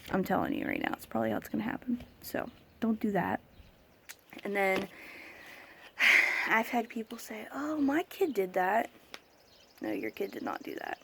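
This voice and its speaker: A young woman ranting in a casual vlog, emphatic and fed up, with a gravelly fry creeping into her mid-pitched voice. Faint outdoor ambience and a few birds sit behind her. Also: slight background noise. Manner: exasperated, emphatic, mimics other people. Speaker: vlogger, autism parent.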